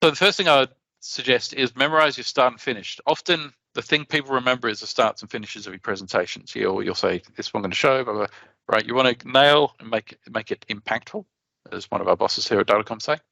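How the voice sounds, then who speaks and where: An Australian man giving a conference talk, his voice gravelly yet bright and forceful. He is chatty and animated and often restarts his sentences. The recording is dry and a little dull. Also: medium pitch, brisk, no room sound. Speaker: conference presenter.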